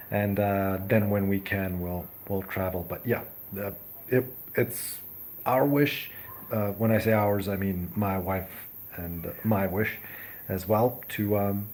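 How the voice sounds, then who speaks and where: A young man from Serbia hosting a casual live stream, chatting and answering viewers with many pauses and restarts. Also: on the low side, darkish tone, a little hiss or hum. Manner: hesitant, many ums and restarts; friendly, thanks viewers often. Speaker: livestream host. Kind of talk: casual live chat reading viewer comments.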